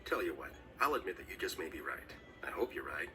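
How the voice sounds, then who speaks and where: An actor playing a weary, cynical middle-aged storm professor in a mystery game, gruff and bitter, captured as game audio from a distance with faint noise. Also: male voice, low-pitched, big pitch swings, fast, sharp tone, full character voice. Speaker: game character.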